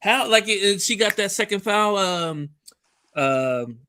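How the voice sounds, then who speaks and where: Bright, lively sports podcast man. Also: high-pitched, slow, clean tone. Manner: exasperated, lively, laughs easily. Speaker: podcast co-host. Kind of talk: casual sports talk.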